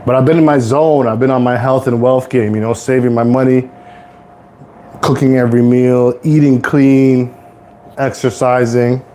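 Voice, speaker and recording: A young man from Toronto hosting a casual live cooking stream, rambling to viewers in relaxed slang from his home kitchen. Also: medium pitch, moderate pace, slight background noise. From Toronto, Canada. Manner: laid-back rambling slang-heavy talk to viewers. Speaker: livestream host.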